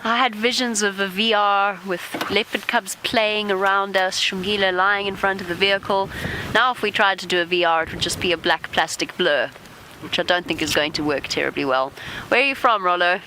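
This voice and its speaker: A woman presenting a live safari broadcast from an open vehicle, chatting lively and talking softly to animals. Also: mid-range voice, moderate pace, slight background noise, low-quality recording. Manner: chatty, warm toward animals, lively asides. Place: open safari vehicle outdoors in rain and wind.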